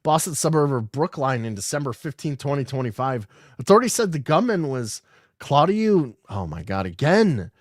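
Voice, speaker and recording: A man's voice: medium pitch, sing-song, moderate pace, no echo. Rambling sarcastic man, dry close mic. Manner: rambling, sarcastic, swears often. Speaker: podcast host. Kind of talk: casual live-stream commentary reading news aloud.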